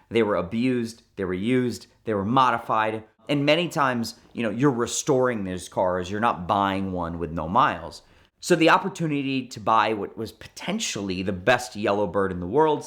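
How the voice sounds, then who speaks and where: A man in his thirties, a car dealer, telling a story with lively restarts and acted-out dialogue. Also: lowish voice. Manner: animated, many restarts and quoted dialogue. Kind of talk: storytelling interview.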